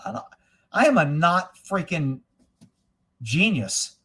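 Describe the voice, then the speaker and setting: A man's voice: on the high side, very animated, takes it slowly, a bit bright, slightly rough. A middle-aged man hosting a casual livestream, blunt and crude, joking and reading viewer comments aloud. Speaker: livestream host reading chat. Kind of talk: casual profane livestream chat.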